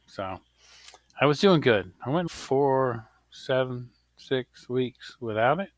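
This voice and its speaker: A man's voice: medium pitch, lively intonation, slow pace, no room sound. A man co-hosting a casual podcast, easygoing and self-deprecating as he tells stories. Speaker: podcast co-host. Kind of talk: casual chat.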